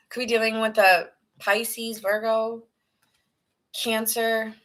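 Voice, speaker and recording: Woman, casual tarot reader. Bright, crisp tone, earnest and rambling, with quiet whispered asides. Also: on the high side, flat delivery, takes it slowly, poor audio.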